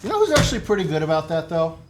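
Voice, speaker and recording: A man's voice: on the high side, wildly swooping pitch, rapid-fire, background noise. Chatty man talking over a podcast mic. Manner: chatty, rambling, filler-heavy. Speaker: podcast co-host. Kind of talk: casual chat. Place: podcast studio. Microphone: studio podcast mic with headphones.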